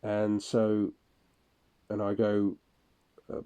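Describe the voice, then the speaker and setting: A man records a personal audio diary, speaking slowly in a low voice. His tone is dark and mellow. He talks in halting, broken phrases and often restarts them. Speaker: audio diarist. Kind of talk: personal monologue recalling incidents.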